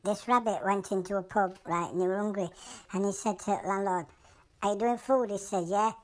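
A chirpy little creature with a Yorkshire accent rattles through a long shaggy-dog joke in a squeaky, high voice, as a woman acts it out. The delivery is rambling and matter-of-fact, like a cartoon animal doing stand-up. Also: steady tone, fairly quick, a little mellow, close to an everyday voice. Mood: chatty. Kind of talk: comic animal voice-over.

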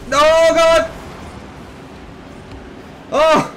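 A man commentating his own gameplay excitedly, yelping, swearing and shouting at each play. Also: on the high side, very slow, pauses often, a little hiss or hum, rough recording. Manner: excitable, yelps and shouts at plays, swears, laughs often.

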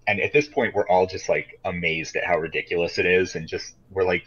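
Casting: low-voiced man from Michigan, bright forceful tone, rambling swearing podcast storyteller. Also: moderate pace, slightly rough. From Michigan, USA. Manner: rambling storyteller with many fillers, swears freely. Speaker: podcast co-host. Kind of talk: casual chat. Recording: dull lo-fi podcast audio.

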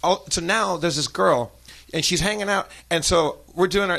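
A Milwaukee man with a higher-pitched, fry-tinged voice tells a story as a podcast guest at normal speed. He's animated, stammering and repeating words and laughing his way through the casual chat.

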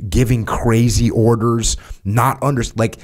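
A man's voice: medium pitch, fairly even intonation, measured pace. A middle-aged man hosting a podcast, telling stories in casual conversation and acting out what people said. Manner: storytelling, acts out quoted voices. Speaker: podcast host.

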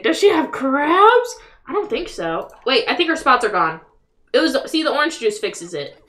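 A woman's voice: high voice, big pitch swings, normal speed, bright, forceful tone. A young woman giving casual, profane live commentary on a life-sim game and talking back at the characters. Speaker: livestreamer.

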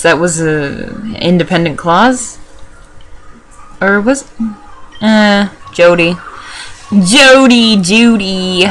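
A young woman with a lowish voice chatting over a video game as she plays. She rambles from topic to topic, talks to herself and swears freely. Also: a bit bright. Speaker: let's play host. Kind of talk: casual gameplay commentary.

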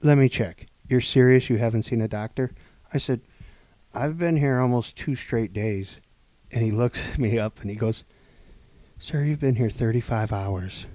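A man on a podcast telling a long story casually, acting out the people in it and swinging between loud and hushed delivery. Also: medium pitch, normal speed, dry recording. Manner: animated, acts out quoted dialogue, swings between loud and hushed. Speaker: podcast co-host.

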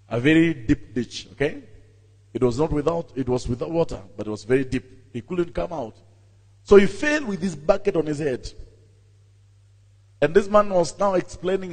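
A man, a pastor, preaching a sermon and telling a story with animated voices while calling out to his congregation. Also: a little high, breathy edge. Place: church. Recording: long reverb in a church hall.

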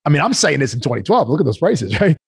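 A man from the United States, a guest entrepreneur telling stories in a casual interview, animated and laughing as he acts out quotes. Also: fairly high pitch, quick pace, creaky, slightly rough, dry recording, studio quality.

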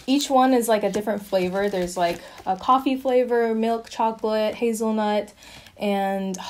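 A bubbly young woman vlogger talks casually through her haul, her speech scattered with fillers. She sounds a little out of breath, and her voice sits fairly high. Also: a little mellow. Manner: bubbly, chatty, lots of "like" fillers. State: slightly out of breath. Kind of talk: casual haul video chat.

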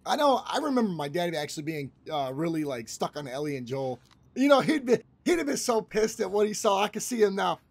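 Husky high-voiced gaming commentator man. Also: big pitch swings, fairly quick. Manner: rambling, swears freely, repeats himself. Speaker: gaming channel host. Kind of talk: casual let's-play commentary.

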